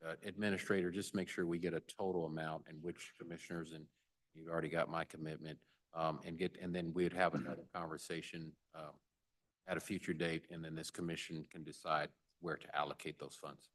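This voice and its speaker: A man serving as mayor, chairing a public budget meeting, halting and with jokey banter. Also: very deep voice, level tone, fairly bright tone. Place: government meeting chamber.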